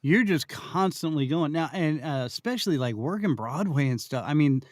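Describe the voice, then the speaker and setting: Man, host, casual chat, fumbling questions, fillers, fairly high voice, dry sound. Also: expressive, no room sound. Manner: loose, halting questions with many fillers. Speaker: podcast host.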